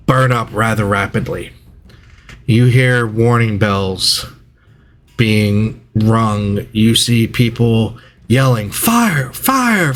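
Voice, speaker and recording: Unhurried male game master narrating. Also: lowish voice, fairly bright tone. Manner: measured, descriptive narration.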